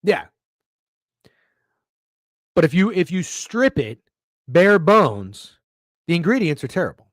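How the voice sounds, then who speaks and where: A man's voice: high-pitched, big pitch swings, slow, long pauses, no room sound, clean studio sound. A man hosting a sports betting live stream, ranting with heavy swearing and sarcasm while reading out chat messages. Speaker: sports betting show host.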